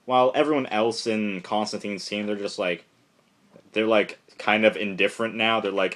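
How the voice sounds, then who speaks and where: Rambling low-voiced man reviewing comics. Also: a little fast. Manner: rambling, lots of fillers, acts out characters' lines. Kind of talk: casual solo review.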